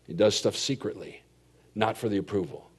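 Preaching as a pastor, this middle-aged man tells stories and shifts from hushed remarks to forceful, emphatic declarations. His pitch is on the low side, his pace normal, and there's a breathy edge to his voice.

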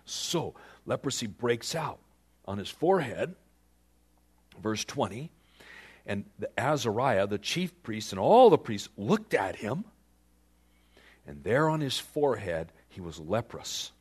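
A man preaching a sermon, retelling a scripture story with animated storytelling and questions put to the listeners. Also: on the low side, takes it slowly, long pauses, husky. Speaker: pastor.

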